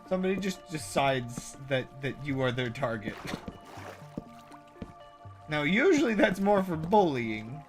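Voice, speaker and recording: A man's voice: on the high side, sing-song, measured pace, pauses often, faint music behind. A man streaming and chatting casually while tired, his voice crackly as he rambles with many fillers.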